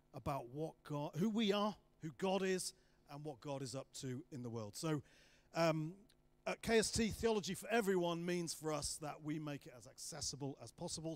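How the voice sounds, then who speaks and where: A man giving a guest sermon in a church hall, chatty and joking with asides. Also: fairly high pitch. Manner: jokey and chatty, self-deprecating asides. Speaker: guest preacher.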